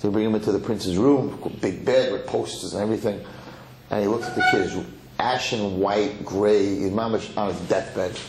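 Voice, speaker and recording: Rabbi storyteller: man, low voice, animated, echoey hall recording. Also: moderate pace, noisy background. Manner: animated storyteller, acts out the characters. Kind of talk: storytelling sermon.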